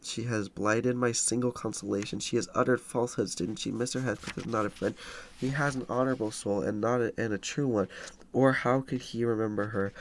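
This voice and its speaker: A man's voice: mid-range voice, steady tone, fairly quick, slight background noise, natural voice, poor audio. A man reading the lines of a tearful, infatuated young woman from a novel, lifting his voice a little in her outbursts. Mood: aggrieved.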